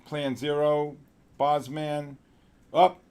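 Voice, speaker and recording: Excitable male trading-stream host. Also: fairly high pitch, drawn-out words, smooth. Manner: excitable, loud outbursts, exasperated banter. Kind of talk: live trading stream chat.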